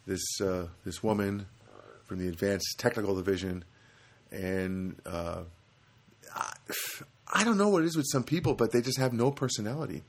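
Low-voiced man telling a rambling, grumbling story. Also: expressive, normal speed. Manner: self-deprecating, rambling, grumbling. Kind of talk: humorous anecdote monologue.

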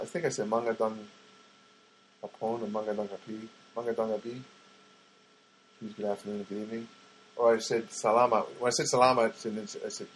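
A man's voice: medium pitch, a little hiss or hum, rough recording. A man telling a long wry anecdote to his listeners, chatty and full of asides and fillers. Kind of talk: rambling anecdotal storytelling.

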